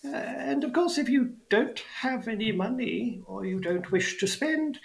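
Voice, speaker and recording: A man's voice: very high-pitched, lively intonation, measured pace, gravelly, roomy sound, voice pushed up, exaggerated voice. A man voicing an elderly male goblin ticket seller who is prim, chatty and hesitant. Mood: fussy, polite.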